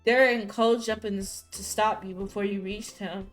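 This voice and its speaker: A woman's voice: medium pitch, moderate pace, soft background music. Rowdy woman streamer reading a game. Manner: loud, profane, excitable outbursts between plain reading. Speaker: gaming streamer. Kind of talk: reading a story game aloud with reactions.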